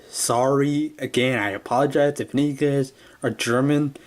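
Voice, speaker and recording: A man's voice: mid-range voice, steady tone, a little fast. Rambling casual toy reviewer, man. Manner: rambling, full of "yeah" and "kinda".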